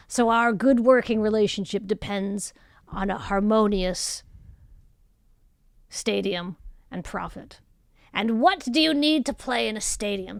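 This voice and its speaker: A woman voicing a bossy, scheming female boss with a shrill, loud voice in a tabletop game. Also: creaky, dry recording, clean studio sound.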